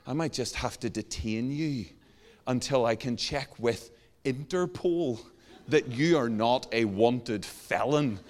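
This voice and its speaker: A man's voice: medium pitch, slow pace, a little mellow, lightly acted. A man putting on a stern American state trooper, firing clipped questions in a put-on American accent. The voice rings out with a long hall reverb behind it.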